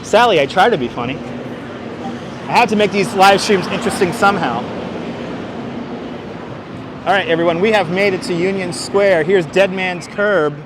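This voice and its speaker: Man, slightly high voice, chatty walking-tour streamer talking to viewers, outdoor street, faint traffic behind. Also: normal speed, pauses often. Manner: chatty, answers viewers by name, gives street history. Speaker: livestream host and city walking guide. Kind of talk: casual walking tour livestream. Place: outdoors on busy city streets. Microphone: wireless clip-on mic.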